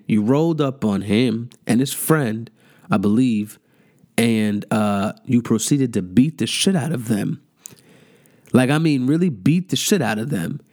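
A young man ranting in a mocking, profane comedic monologue, jumping into high incredulous outbursts. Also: a little mellow. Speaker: comedic commentator.

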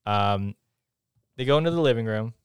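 A man's voice: on the low side, animated, clear, resonant tone, no echo, clean studio sound. Chatty man recapping a movie. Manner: chatty, laughing, acts out characters' lines in quick impressions. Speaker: podcast co-host. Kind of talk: casual movie recap chat.

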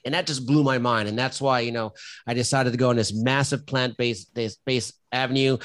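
A man's voice: mid-range voice, a bit bright. Blunt, emphatic middle-aged man. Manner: emphatic, blunt, storytelling with frequent restarts. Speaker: podcast guest, firefighter and company founder. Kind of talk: casual interview talk.

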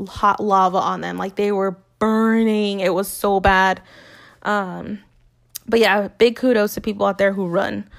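A woman in her late twenties chatting candidly to her viewers, swearing freely and using lots of filler words. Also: mid-range voice. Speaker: vlogger. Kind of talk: casual chat to viewers.

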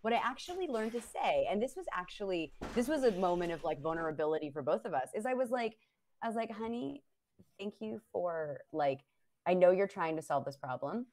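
A woman's voice: lowish voice, lively intonation, fast, a little mellow. A woman co-hosting a casual panel chat, talking bluntly and emphatically and swearing freely. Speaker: podcast co-host.

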